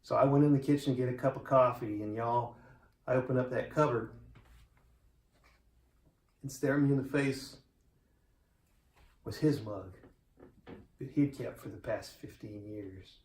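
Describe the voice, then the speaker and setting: A man's voice: medium pitch, unhurried, pauses often. Man in his forties giving a heartfelt eulogy. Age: 40s. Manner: heartfelt, quiet, conversational storytelling. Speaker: eulogist, friend of the deceased. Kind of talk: funeral eulogy, storytelling. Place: church sanctuary. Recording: roomy echo of a church.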